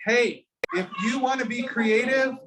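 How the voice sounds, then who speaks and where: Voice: mid-range voice, a little slow, heavy background noise. A teacher coaching an entrepreneurship class, pushing students hard and calling on them by name. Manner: pushy, fired-up, calls on students directly. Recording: echoey classroom.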